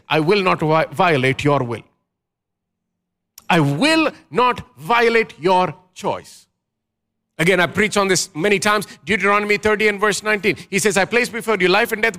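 Bright, high-voiced preaching man. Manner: emphatic preaching with rhetorical questions and call-and-response. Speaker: pastor. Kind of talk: sermon.

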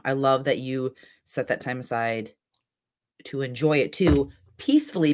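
Woman podcast co-host, casual, swears freely, laughs a lot. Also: low-pitched. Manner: profane, chatty, laughs often. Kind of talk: casual chat.

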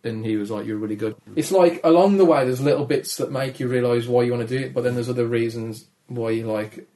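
Rich: A young man speaking with a Black Country accent from Dudley, his voice deep and gravelly at a middling pitch. He chats as an interview guest, shy and low-key, sounding a little downtrodden. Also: fast, mellow. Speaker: comedian guest. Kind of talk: casual interview chat.

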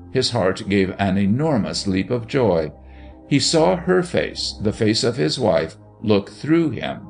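Gravelly man reading a ghost story. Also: lowish voice. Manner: expressive, dramatic reading. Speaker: narrator.

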